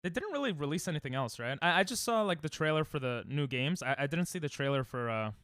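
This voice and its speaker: A man's voice: a little high, lively intonation, fast talker, a bit bright, smooth, no room sound, studio quality. Young man streaming, casually rambling. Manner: rambling, self-deprecating, restarts often, chats with viewers. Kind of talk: casual livestream chat while speedrunning.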